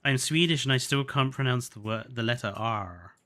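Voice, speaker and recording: Young male streamer, bright tone, loose chatty delivery, tired. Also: medium pitch, normal speed. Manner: chatty, laughs often, stumbles over names. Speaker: gaming streamer. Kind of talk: casual live-stream chat.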